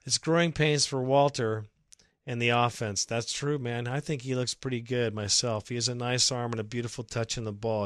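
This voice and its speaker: A man's voice: medium pitch, fairly bright tone, no echo, clean studio sound. A man hosting a fan podcast, reading listener messages and ranting about his team's loss, sarcastic and exasperated, sometimes breaking into laughter.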